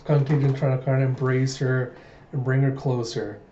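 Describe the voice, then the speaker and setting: Mellow-voiced man chatting through a comic. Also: medium pitch, level tone, normal speed, slight background noise. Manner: chatty, retelling with many "he's like" asides. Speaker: comic reader and reviewer. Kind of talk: casual comic readthrough narration. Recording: roomy, dull home recording.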